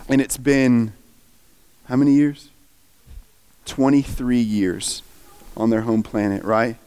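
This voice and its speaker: A man's voice: mid-range voice, slow, warm tone, clean tone. A man preaching, earnestly and emotionally retelling a story with feeling. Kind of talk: sermon storytelling.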